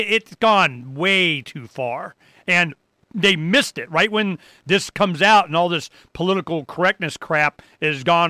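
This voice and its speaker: A man's voice: high voice, pushed and bright, smooth, no room sound, clean studio sound. A man co-hosting a radio show, chatting in an offhand way. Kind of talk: casual chat on radio.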